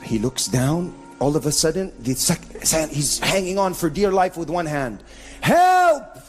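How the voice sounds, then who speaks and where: A man preaching a lively live sermon to an audience, mixing Arabic phrases into English, in a venue with a sound system. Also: on the high side, moderate pace, faint music behind. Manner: animated, mixes in Arabic phrases.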